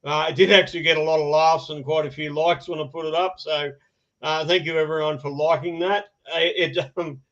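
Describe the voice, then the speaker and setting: A man hosting a podcast, talking in a fairly high voice and rambling with lots of laughs and restarts. The audio is dull and lo-fi. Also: fairly even intonation, a little fast, fairly bright tone. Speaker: podcast host. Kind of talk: casual podcast chat.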